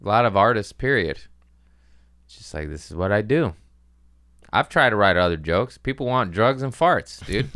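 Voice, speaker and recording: A man's voice: lowish voice, expressive, normal speed, bright, forceful tone, clean tone, dry recording. A man hosting a podcast, talking loosely and profanely in a jokey comedic rant.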